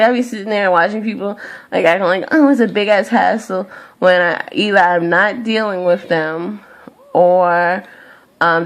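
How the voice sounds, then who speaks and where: A tired young woman venting in a profane, exasperated rant to camera. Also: lowish voice. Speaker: vlogger.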